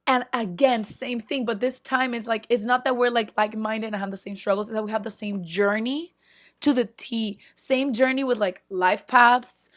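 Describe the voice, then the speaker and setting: A young woman vlogging, casually telling a story with many "like"s and sudden loud bursts of disbelief. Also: a little high, steady tone, moderate pace. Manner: frequent filler "like" and restarts, chatty.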